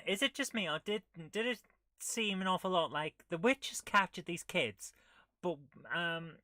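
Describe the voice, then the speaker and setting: She has a medium-pitched, pushed and bright voice recorded with no room sound. As a retro gaming host, she reads the game's text aloud during a casual playthrough, adding wry, humorous comments.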